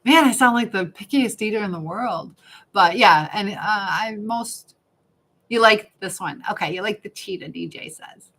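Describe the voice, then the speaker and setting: Woman, live-stream host, casual chat at home, reads comments aloud, laughs often, mid pitch. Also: moderate pace, fairly bright tone, rough recording.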